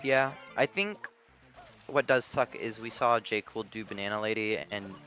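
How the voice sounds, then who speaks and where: A man co-commentating a live video game match, relaxed and self-deprecating. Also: lowish voice, moderate pace. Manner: relaxed, self-deprecating, laughs at own slips. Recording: faint music behind.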